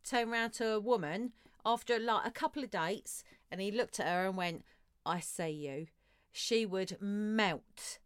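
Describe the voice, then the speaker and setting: A woman's voice: mid-range voice, a little slow, clear, resonant tone, dry recording, studio quality. A middle-aged woman, co-hosting a casual chat, blunt and emphatic, swearing freely.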